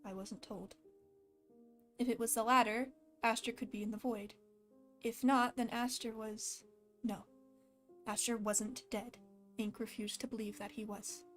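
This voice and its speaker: A woman casually reading a fan story aloud with a slight lisp, stopping now and then to laugh and comment. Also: on the high side. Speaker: fan fiction reader.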